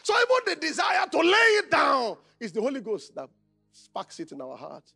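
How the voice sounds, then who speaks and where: A man's voice: very high voice, huge pitch swings, normal speed, gravelly, faint music behind. A Nigerian male pastor preaching a conference sermon, calling out questions for the congregation to answer. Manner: call-and-response, shouting questions.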